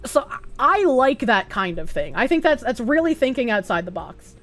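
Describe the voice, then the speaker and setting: A woman's voice: fairly high pitch, big pitch swings, normal speed, faint music behind. A woman streamer chatting casually, answering viewer chat aloud and swearing freely.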